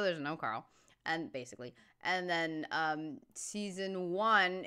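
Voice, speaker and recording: Woman, reaction video host, chatty, musing aloud, bright sharp voice. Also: lowish voice, clean tone. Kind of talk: casual reaction commentary.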